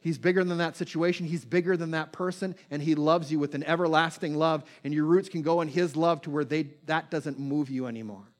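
A man delivering a sermon as a pastor, moving between quick bursts and slow, hushed phrases. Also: fairly high pitch, fairly even intonation.

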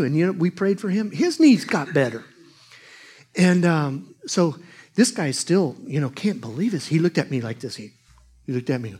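A man preaching a sermon, telling a story with animated swings between loud exclamations and hushed asides. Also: a little high, normal speed, slight background noise.

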